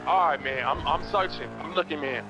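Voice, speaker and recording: A man's voice: a little high, fairly quick, dull audio, over music. A man in a crime-game roleplay, urgent and questioning, heard as radio chatter. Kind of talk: in-character GTA roleplay.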